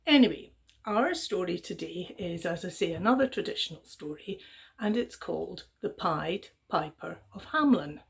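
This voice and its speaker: A middle-aged woman telling a traditional story to young children in a gentle, chatty way, with fillers and little voiced exclamations. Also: lowish voice, lively intonation, moderate pace, vocal fry.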